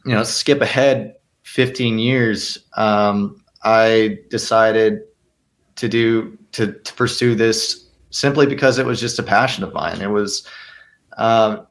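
Earnest young actor, low voice. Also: male voice, fairly even intonation, slow pace. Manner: earnest, rambling with restarts. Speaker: actor guest. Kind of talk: casual interview.

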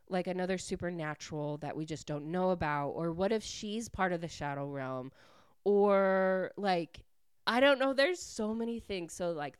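A chatty young woman hosts a podcast and recaps a book in a loose, excitable way, with "like" in nearly every sentence. Her voice sits a little low and comes across smooth and clear. The sound is dry and close. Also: dry recording. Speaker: podcast host.

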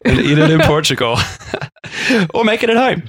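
A man's voice: fairly high pitch, big pitch swings, moderate pace, a bit bright, no echo. Chatty man, dry sound. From England. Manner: chatty, laughs often, rambling asides. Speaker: podcast co-host. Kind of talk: casual chat.

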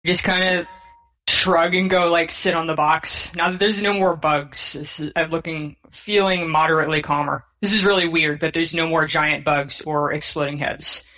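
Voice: medium pitch, steady tone, moderate pace, sharp tone, low-quality recording. A player in a tabletop game who speaks hesitantly, often with questions. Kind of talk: tabletop role-play.

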